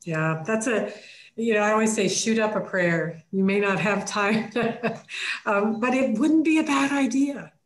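A woman leading a church class, talking in an easy conversational way. She acts out little quoted lines with sharp rises in pitch. Her voice carries an echoey room sound. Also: measured pace. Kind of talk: casual teaching talk.

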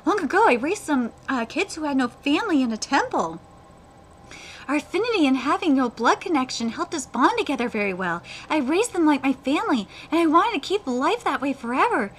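A woman's voice: sits high, sing-song, a little fast, a little hiss or hum, voice pushed up. A woman reading aloud the lines of a weeping, solemn giant monk swordsman, in her own everyday voice. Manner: reads manga dialogue aloud in her own voice.

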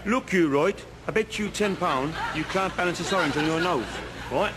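A man's voice: a little high, moderate pace, heavy background noise, natural voice. A man with a London accent doing a poor impression of a cocky Welsh man in a pub. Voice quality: botched put-on accent. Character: cocky Welsh pub bloke, adult male.

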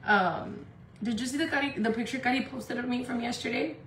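Chatty, high-voiced woman on a home livestream. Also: fairly quick, a bit bright, far from the mic. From Indio, California. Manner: chatty, swears freely, lots of "like". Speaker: makeup livestreamer. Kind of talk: casual live-stream chat. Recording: echoey room with faint background noise.

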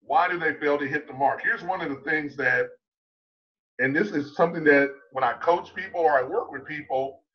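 A man gives an online conference talk as a public speaking coach, emphatic and slowing to land his points. His voice sits fairly high for a man. The sound is dull and lo-fi, as over a video call. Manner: emphatic, asks rhetorical questions, slows down to stress points.

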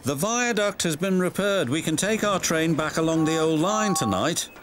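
A man voicing a calm, sensible male train driver. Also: on the high side, normal speed, noisy background, voice pushed up, close to an everyday voice. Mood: cautious.

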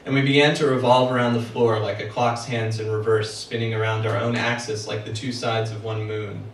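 A man reading his own novel aloud at a book party, with measured first-person narration. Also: fairly low pitch, flat delivery, distant mic, a little hiss or hum. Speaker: author. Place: event room for a book party. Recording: echoey room, heard from afar.

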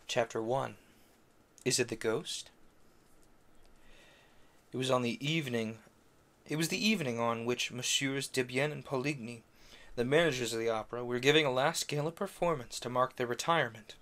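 Reading a classic novel on a stream, this man speaks at normal speed with long pauses, his mid-range voice a bit bright. He stumbles on French names and fixes them, tossing in quick offhand remarks between passages as he narrates casually.

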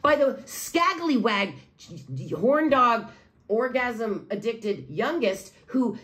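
A woman who makes videos, giving an angry, profane monologue that swings between low muttering and raised outbursts. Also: lively intonation, slow, fairly bright tone. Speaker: video creator.

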